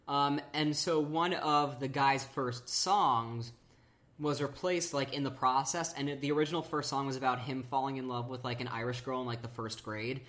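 A woman's voice: extremely low pitch, fairly even intonation, moderate pace, fairly bright tone. A woman co-hosting a casual chat who rambles through tangents, full of fillers.

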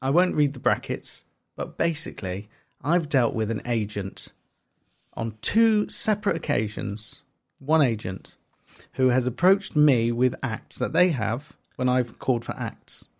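A man with a gravelly edge to his voice, co-hosting a casual podcast. He tells stories at length, looping back with ums and restarts, at a middle pitch. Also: expressive, a little slow. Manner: rambling storytelling with fillers and restarts. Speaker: podcast co-host and comedy promoter. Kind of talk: casual chat.

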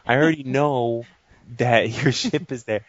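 A man's voice: medium pitch, measured pace, no room sound. A man co-hosting a podcast, telling profane stories in a casual chat, laughing often. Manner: animated, profane storyteller who laughs often. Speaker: podcast co-host. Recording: dull lo-fi podcast audio.

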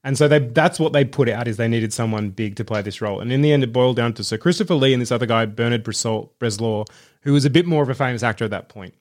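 A man's voice: medium pitch, quick pace, darkish tone. A man co-hosting a casual film podcast, reading out facts with enthusiasm and frequent laughter. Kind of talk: casual chat.

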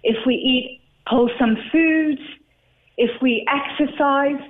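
A woman speaking as a guest expert, upbeat and advising. Her voice is fairly high and comes through a thin, tinny phone line. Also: slow pace. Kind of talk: advice interview.

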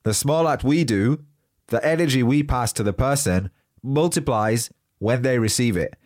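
A man's voice: mid-range voice, moderate pace, darkish tone, no echo, studio quality. A young man hosting a motivational podcast with a badly blocked nose, sounding nasal and short of breath but upbeat and encouraging. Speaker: podcast host. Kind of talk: solo motivational podcast talk.

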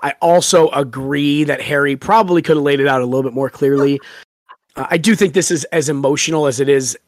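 A podcast co-host in casual book-discussion chat, animated and playful, acting out scenes. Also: medium pitch, brisk, no echo, clean studio sound.

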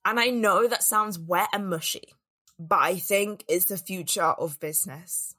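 Earnest female business coach, reflective solo talk, bright tone. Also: medium pitch, animated, unhurried. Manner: earnest and reflective, acts out inner doubts.

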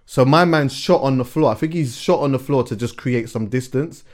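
A man hosting a podcast in casual chat, telling stories in an animated way and often repeating words as he gathers his thoughts. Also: mid-range voice, moderate pace. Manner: animated storyteller, repeats words while thinking, laughs as he tells stories. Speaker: podcast host.

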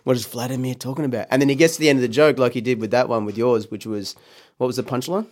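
A man's voice: mid-range voice, fast. A man co-hosting a casual podcast, rambling with lots of ums and restarts. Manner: rambling, many fillers and restarts, laughs often. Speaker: podcast co-host.

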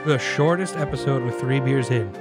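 A man's voice: mid-range voice, moderate pace, over loud music. Rambling young man hosting a beer show. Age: young adult. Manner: rambling, self-deprecating, lots of fillers and restarts. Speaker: beer podcast host. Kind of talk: casual chat.

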